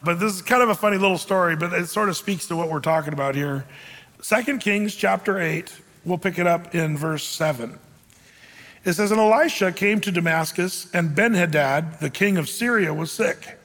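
A man's voice: high voice, normal speed, big-room sound. A man preaching a sermon, reading scripture aloud and breaking in with joking asides and acted-out voices. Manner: animated, jokey asides, acts out quoted voices. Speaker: pastor.

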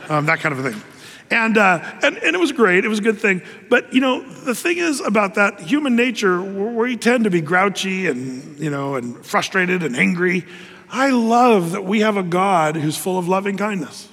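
Pastor, male, higher voice, earnest conversational sermon, echoing hall. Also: lively intonation, a bit bright. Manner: earnest, conversational preaching with pauses and restarts.

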